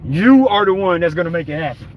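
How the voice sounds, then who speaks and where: A man's voice: high-pitched, lively intonation, fast, dull audio, noisy background. A man giving an angry, profane, rambling rant while driving, recorded on a phone in his car. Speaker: vlogger. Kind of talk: ranting vlog while driving.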